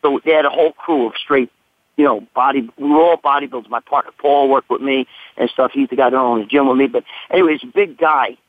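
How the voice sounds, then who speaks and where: A man's voice: mid-range voice, fairly quick, no echo. A man telling a crude story in a casual, profane, rambling way. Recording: tinny phone line, dry.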